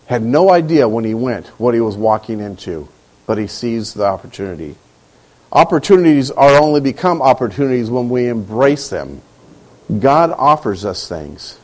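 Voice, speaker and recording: Lively middle-aged male preacher. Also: fairly high pitch. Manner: animated storytelling, acting out quoted voices. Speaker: pastor. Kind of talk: sermon.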